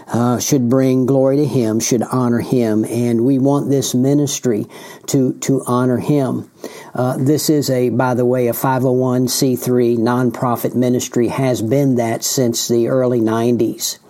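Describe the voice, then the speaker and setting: Man, podcast host, Christian teaching, earnest, restarts phrases, warm dark tone. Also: mid-range voice. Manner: earnest, repeats words and restarts often. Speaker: podcast host and ministry leader.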